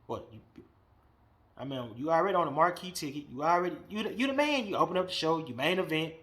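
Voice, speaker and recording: Man, somewhat high voice, casual podcast rant, blunt and profane, muttering then loud outbursts. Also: sing-song, a little fast, pauses often. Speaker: wrestling podcast host.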